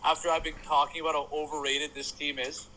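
A man in casual podcast chat, ranting excitably with constant swearing. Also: on the high side, fast talker, low-quality recording. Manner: heated, profane, excitable ranting. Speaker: podcast co-host, sports fan.

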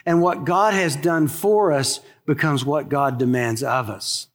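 A man's voice: a little high, unhurried. A man in his sixties, a pastor preaching a sermon in a conversational, folksy way with asides to the congregation.

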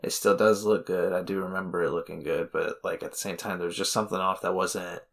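A low-voiced man co-hosting a casual movie podcast. He talks in loose, chatty runs, breaks into laughter often, and tosses in playful asides. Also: steady tone, quick pace, gravelly. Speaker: podcast co-host. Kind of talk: casual film discussion.

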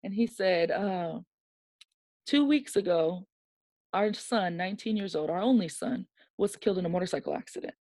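A woman's voice: mid-range voice, moderate pace, dry recording. A woman being interviewed, telling a personal story in a candid, emotional way and acting out the voices of the people in it. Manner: animated storyteller who acts out quoted dialogue. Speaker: guest.

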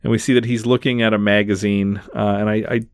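In a casual film discussion, a male podcast host retells a movie scene by scene, leaning heavily on fillers. His voice is lowish and clean-toned, with little pitch movement and a quick pace, in clean studio audio free of room sound.

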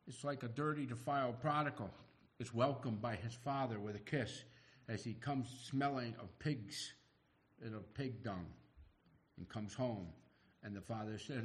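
A middle-aged man preaching a sermon, animated and acting out the voices he quotes. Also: medium pitch. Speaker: pastor.

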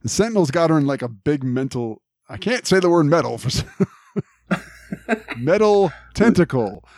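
A man's voice: a little high, expressive, moderate pace, a little mellow, dry recording, studio quality. A man co-hosting a podcast, casually recapping a cartoon episode, laughing often and quoting lines. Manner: laughs often, recounts scenes with quoted lines. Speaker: podcast co-host.

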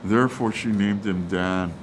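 A man's voice: lowish voice, fairly even intonation, moderate pace, a little hiss or hum, low-quality recording. A man preaching a sermon, reading Bible verses with many fillers and restarts. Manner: reads verses and acts out quotes casually. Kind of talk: sermon on Scripture.

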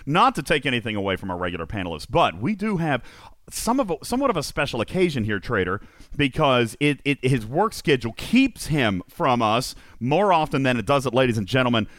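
A man's voice: mid-range voice, big pitch swings, fairly quick, a bit bright, no room sound. A man hosting a podcast, reading comedic news bits and chatting, often laughing through his own jokes. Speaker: podcast host.

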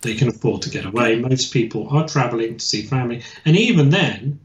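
Brief: male guest historian, halting and full of restarts, lo-fi echoey video-call sound. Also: mid-range voice, animated. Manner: hesitant, many restarts and fillers. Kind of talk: casual expert explanation. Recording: echoey and dull lo-fi.

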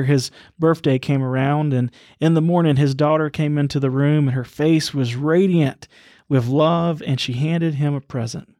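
A man co-hosting a Bible study podcast, telling a story in an earnest, halting way. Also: fairly high pitch, a little mellow, dry recording, clean studio sound. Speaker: podcast co-host.

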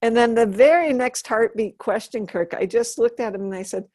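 A woman's voice: fairly high pitch, normal speed, hardly any pauses, no room sound. Dry-voiced woman telling stories animatedly. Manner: animated, acts out quoted dialogue. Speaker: interview guest. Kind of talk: casual storytelling in conversation.

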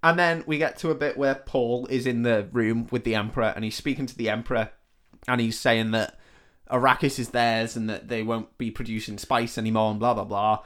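A man's voice: mid-range voice, fairly even intonation, brisk, fairly bright tone. A man co-hosting a comedy podcast, casually retelling a film plot with swearing and short acted-out quotes. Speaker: podcast co-host.

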